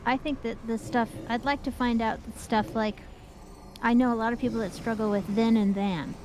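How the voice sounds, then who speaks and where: This is a woman in a casual gaming chat, talking things through in long, rambling explanations. Her voice sits a little higher than most, and a faint background noise runs under her speech. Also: steady tone, moderate pace, a little mellow. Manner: chatty, explains things at length with laughs. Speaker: gaming group member.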